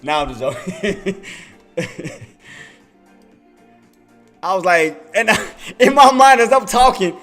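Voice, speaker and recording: A man's voice: sits high, sing-song, slow, long pauses, a bit bright, faint music behind. A man streaming live trading commentary, playful and laughing often, repeating himself as he hypes the action. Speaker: day trader streamer.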